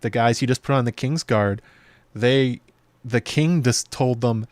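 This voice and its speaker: Guy talking through a tv episode, chatty and loose, lots of um and uh, mid-pitched voice, dry close sound. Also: no echo. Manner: chatty, loose, with many fillers and quick playful impressions. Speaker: video show host. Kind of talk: casual episode breakdown commentary.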